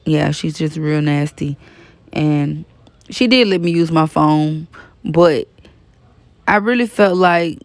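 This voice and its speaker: A woman's voice: low voice, vocal fry, no room sound. A woman in her thirties chatting frankly in a casual storytime vlog, full of "like" and "you know". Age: 30s. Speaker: vlogger.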